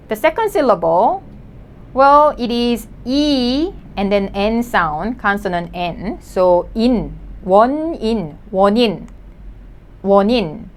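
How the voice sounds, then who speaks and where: Woman, language teacher, slow deliberate delivery, sounds out syllables and repeats words, animated pitch. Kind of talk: slow, clear vocabulary lesson.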